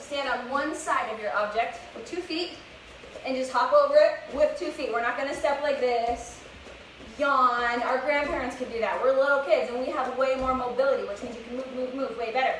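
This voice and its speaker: A young woman leading a live kids' workout class, encouraging and a little out of breath. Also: high voice. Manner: upbeat coaching, encouraging. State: slightly out of breath. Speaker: fitness instructor. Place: outdoors, open space. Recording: echoey, distant with background noise.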